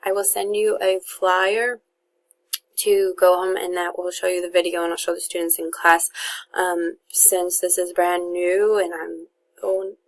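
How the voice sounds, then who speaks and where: A young female teacher walks students and parents through her course in a loose, chatty way, stopping often for fillers and restarts. Her voice sits fairly low and has a gravelly edge. She speaks in a flat, even tone. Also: unhurried. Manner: casual, friendly, many fillers and restarts.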